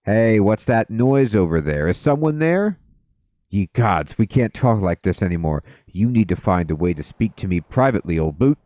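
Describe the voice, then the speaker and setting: Game figure: pompous bearded dwarf toff, voiced by a man, plummy upper-class talk, lively swoops. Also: lowish voice, moderate pace, no echo, studio quality. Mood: fussy. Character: posh bearded male dwarf gentleman, fussy.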